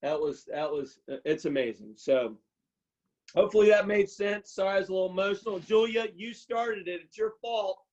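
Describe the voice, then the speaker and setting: A man giving an emotional personal testimony on a video call, halting and repeating himself as he chokes up. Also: high-pitched. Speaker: testimony speaker. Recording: muffled video call audio.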